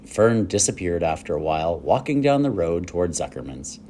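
Male storybook reader, lowish voice, lively expressive delivery. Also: moderate pace, slight background noise. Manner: expressive, animated reading. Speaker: audiobook reader. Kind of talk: storybook read-aloud narration.

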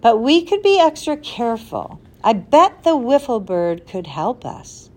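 A woman's voice: on the high side, sing-song, measured pace, a little mellow. A woman voicing a bold, determined boy who argues insistently. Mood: urgent. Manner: insistent, pleading.

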